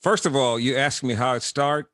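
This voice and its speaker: A man in his fifties from Chicago, a veteran radio host telling his story as an interview guest, animated and expressive. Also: mid-range voice, moderate pace, dry recording, studio quality. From Chicago, USA. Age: 50s. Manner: animated storyteller, voice jumps up when excited.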